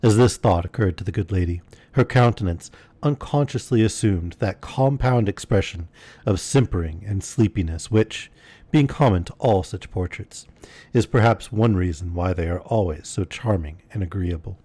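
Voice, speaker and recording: A man reading a classic novel aloud as a bedtime story on a livestream, measured and unhurried, with casual asides to listeners. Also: low-pitched, dark tone, husky, dry recording. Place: home streaming setup.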